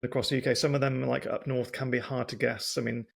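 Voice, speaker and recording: A man with an Oxford English accent hosting a podcast interview, speaking deliberately and carefully as he tries to keep a slow, clear pace. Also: mid-range voice, little pitch movement. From England. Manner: deliberate, careful pacing, works to speak slowly. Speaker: podcast host. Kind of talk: casual interview chat.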